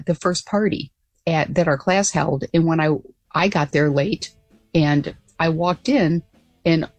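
Older woman, guest interview, animated storyteller, dry sound. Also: deep voice, no echo. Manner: earnest, animated storytelling with frequent restarts. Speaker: guest, former pilot.

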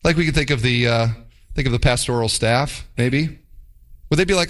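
A man preaching a sermon as pastor, animated and mock-quoting with playful asides. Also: fairly high pitch, normal speed.

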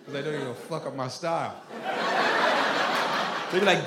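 A man from Nigeria doing an animated, profane stand-up set on a comedy club stage, often laughing. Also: fairly high pitch, a little fast, roomy sound, background noise.

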